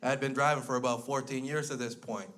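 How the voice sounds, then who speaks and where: A man's voice: medium pitch, steady tone, quick pace. A man in his thirties from Alberta, Canada, doing stand-up comedy with crude, self-mocking storytelling before a live audience. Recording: loud noisy live stage recording.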